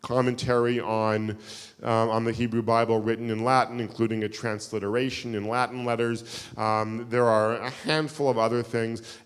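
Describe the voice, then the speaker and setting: A man giving a keynote lecture, telling stories in a chatty, self-deprecating way with lots of fillers. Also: medium pitch. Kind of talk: live lecture with audience questions. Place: synagogue hall. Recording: reverberant hall.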